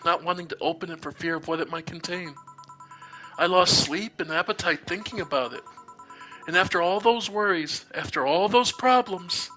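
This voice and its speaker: A streamer voicing a wry, tired woman bartender from a visual novel. She speaks in a bright, tense voice, quiet and halting. Faint game music plays underneath. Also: medium pitch, lightly acted, low-quality recording. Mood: bitter, angry. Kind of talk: reading visual novel dialogue aloud.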